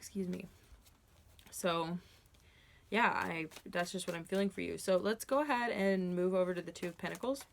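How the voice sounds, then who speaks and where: A woman's voice: lowish voice, moderate pace, vocal fry, slight background noise. Earnest woman giving a tarot reading. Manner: earnest, reassuring, with fillers and restarts. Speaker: tarot reader.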